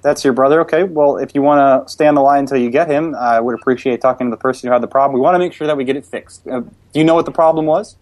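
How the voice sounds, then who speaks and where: A man's voice: mid-range voice, racing, hardly any pauses, a little mellow, dry recording, natural voice. A man playing a polite male corporate public relations caller, speaking in a hesitant, scripted way. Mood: overly polite.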